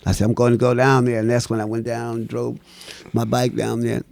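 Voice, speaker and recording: A man telling stories as an interview guest, animated and laughing, acting out the voices of people in his stories. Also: mid-range voice, a little fast, gravelly, dry recording. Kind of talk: storytelling in a casual interview.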